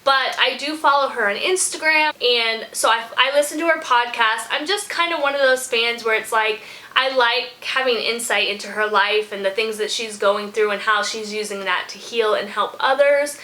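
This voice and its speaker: Woman vlogger from a small country town, casual and rambling, slightly high and bright. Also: moderate pace, hardly any pauses, poor audio. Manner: chatty and rambling, thinks out loud, says "y'all". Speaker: music reaction vlogger. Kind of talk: casual chat.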